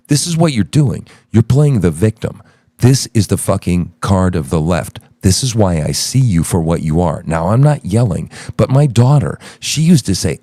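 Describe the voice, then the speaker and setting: Furious cursing man, lively pitch. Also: moderate pace, no echo, clean studio sound. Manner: profane, angry, berating. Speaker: host of an audio chat room. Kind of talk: heated argument.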